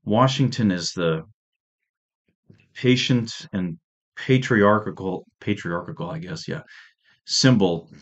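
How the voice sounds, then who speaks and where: A man with a deep, low voice gives a relaxed history lecture. He talks conversationally, with restarts and offhand jokes. The audio is dull and lo-fi. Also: slow, pauses often. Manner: conversational, with restarts and jokey asides.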